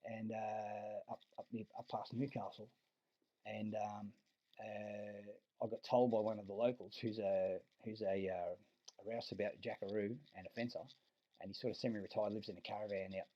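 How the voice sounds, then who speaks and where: Husky Australian man, rambling and profane. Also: fairly low pitch, flat delivery, moderate pace, lo-fi sound. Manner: rambling and profane, many restarts. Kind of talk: casual monologue.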